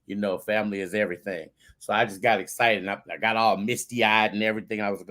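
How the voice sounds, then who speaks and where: A man co-hosts a casual talk show, getting excitable and breaking into high squeals and near tears.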